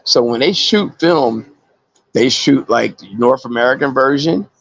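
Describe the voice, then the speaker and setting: A man with a gravelly, husky voice tells stories as an interview guest, animated and slipping into the voices of the people he quotes. The sound is dry and a little dull, like a lo-fi recording. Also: mid-range voice, unhurried, dry recording. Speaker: actor guest. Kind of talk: casual interview storytelling.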